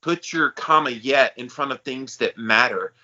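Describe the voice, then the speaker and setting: A man with a mid-range voice co-hosts a podcast, chatting casually at a moderate pace in a pushed, bright tone. He's eager and hyped up, calling himself the hype guy. The recording sounds slightly dull and lo-fi.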